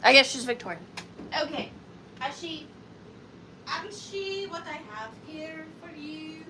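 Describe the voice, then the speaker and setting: A woman's voice: high-pitched, measured pace, background noise. A woman with a Southern US accent, hosting a live vintage sale, chatting playfully and counting down bids. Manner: chatty, playful, sing-song and animated, talking to buyers. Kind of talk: live auction stream chat.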